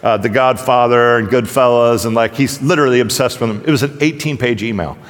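A man preaching a casual, humorous sermon, telling stories in a loose, animated way. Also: mid-range voice, fairly quick. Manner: conversational, joking, animated storytelling. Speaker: pastor. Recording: long hall reverb.

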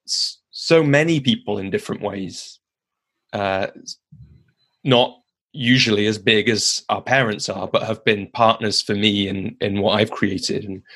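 A man hosting a podcast interview, affirming his guest and gently steering the conversation with reflective remarks. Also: lowish voice. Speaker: podcast host.

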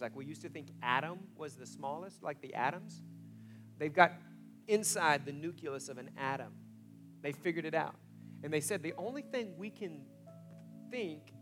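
A man preaching a sermon as pastor, telling stories in an animated way that swings from hushed asides to loud exclamations. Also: on the high side.

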